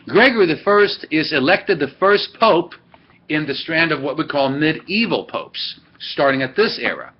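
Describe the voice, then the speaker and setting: A man's voice: on the high side, very animated, normal speed, a little hiss or hum. Man teaching a class over muffled webcam. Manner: asks students questions, thinks aloud. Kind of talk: classroom history lesson.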